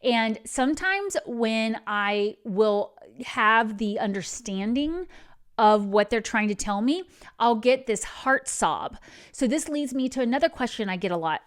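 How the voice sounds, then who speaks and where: A woman with a slightly higher voice hosts a spiritual advice talk. She speaks in an earnest, gentle, reassuring way and meanders through her points, often drifting into side stories. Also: expressive, a little slow, smooth. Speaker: spiritual channel host.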